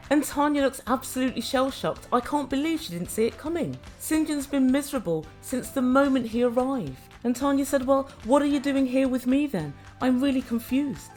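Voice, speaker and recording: Woman, higher voice, opinionated reality-TV recap, chatty, faint music underneath. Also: lively intonation, brisk, hardly any pauses, darkish tone. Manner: chatty and judgmental, addresses viewers as guys.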